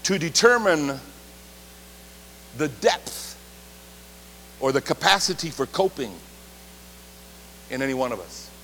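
A man preaching a sermon, leading the congregation in call-and-response and shifting between loud and quiet delivery. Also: on the high side, big pitch swings, takes it slowly, long pauses. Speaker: pastor. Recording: reverberant hall, faint hum.

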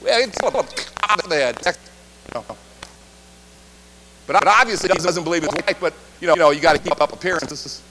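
A man preaching a sermon, leading the congregation in call-and-response and shifting between loud and quiet delivery. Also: fairly high pitch, brisk, pauses often. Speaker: pastor. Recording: reverberant hall, faint hum.

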